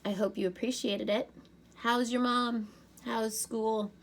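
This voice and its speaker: Woman reading as a smooth, mocking teen villain. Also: fairly high pitch, level tone, slow pace, pitched above the performer's own voice. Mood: taunting. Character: smooth, scornful teenage boy villain.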